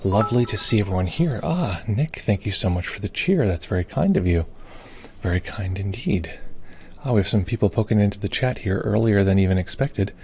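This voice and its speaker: Speaking a little fast with lively intonation, this man has a lowish, darkish voice. He's running a meditation live stream from a Brooklyn home or studio, casually greeting viewers, reading out their comments and filling gaps with plenty of fillers.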